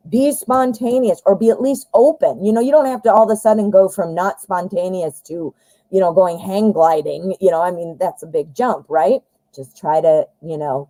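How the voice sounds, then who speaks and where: A woman's voice: medium pitch, mellow, no room sound, poor audio. A woman hosting a live tarot reading, talking casually and bluntly with lots of fillers and the odd swear word. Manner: chatty and blunt, swears, frequent fillers and self-corrections.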